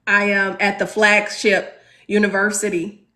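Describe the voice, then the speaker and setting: A woman from Chicago's South Side in her thirties, earnestly telling a class a personal story and pausing on rhetorical questions. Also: mid-range voice, little pitch movement, pushed and bright. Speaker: teacher leading a class discussion.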